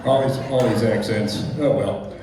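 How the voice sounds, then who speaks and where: A man's voice: fairly low pitch, fairly even intonation, moderate pace. A man acting as the straight-man interviewer in a stage comedy sketch, asking questions with hesitant fillers. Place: stage with a live audience. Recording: echoey hall, distant mic, audience noise.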